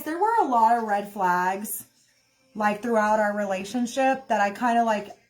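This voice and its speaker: A young woman with a slightly high voice talks in a loose, rambling monologue, calling her listeners "y'all" as she vents with plain indignation. Faint music plays underneath her. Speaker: livestream host. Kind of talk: candid casual monologue.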